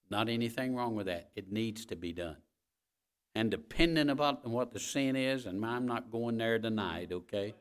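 A pastor with a fairly low voice preaches a sermon, addressing his congregation directly in a folksy way. He repeats key phrases and swings between loud emphasis and quiet asides.

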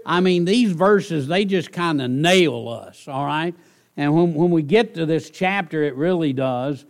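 Conversational preacher man, fairly high voice. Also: unhurried, gravelly. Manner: conversational, repeats "all right?" to the congregation; soft pleading delivery with bursts of emphasis. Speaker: pastor. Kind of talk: sermon.

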